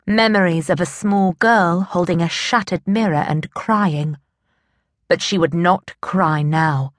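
A woman narrating a historical romance audiobook in a steady, deliberate reading voice. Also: on the low side, no echo, studio quality. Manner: slow, even, deliberate reading. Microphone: close studio mic.

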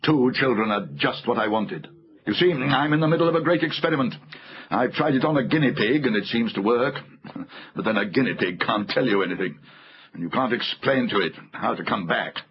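A man's voice: medium pitch, expressive, a little fast, lightly acted. A man voicing a scheming elderly uncle in a storybook reading, silky and wheedling. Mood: sly. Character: sly, scheming elderly uncle, oily and secretive. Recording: muffled audiobook recording, faint music.

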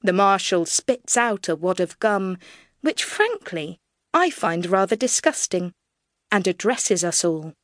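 A woman reading an audiobook aloud in measured, even first-person storytelling, close to a studio mic. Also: mid-range voice, no echo. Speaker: audiobook narrator. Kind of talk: scripted audiobook narration.

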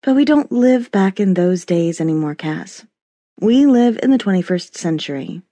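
A woman's voice: medium pitch, animated, normal speed, mellow, no echo, lightly acted. A woman narrator voicing a wry, exasperated middle-aged mother in an audiobook. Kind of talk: audiobook character voice.

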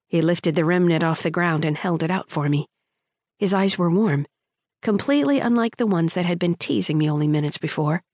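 A woman narrating a first-person romance audiobook in a measured storytelling manner, recorded close on a studio mic. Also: lowish voice, darkish tone, no room sound.

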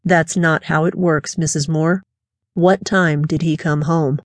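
A methodical male detective, patient and measured, lays out his reasoning in a lowish voice, as a woman narrator reads him. He speaks slowly and deliberately, never raising his tone. The reading is close and dry, with no room sound. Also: steady tone, no room sound. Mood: firm, patient. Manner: patient, measured and quietly pointed.

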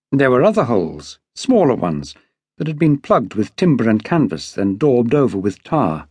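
A man reading an unabridged novel as an audiobook narrator, lifting his voice higher and louder for characters' speech. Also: husky, dry recording, clean studio sound. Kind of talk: scripted narration.

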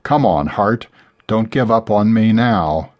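A man voicing a tense male horse vet who gives curt, urgent orders in a low voice. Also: animated, slow pace, dull audio. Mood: pleading.

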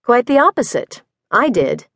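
A woman voicing a determined young widow who applies for detective work, speaking in a crisp, resolute, formal way in an audiobook. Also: fairly high pitch, very animated, measured pace, fairly bright tone, no room sound, clean studio sound, heavily acted.

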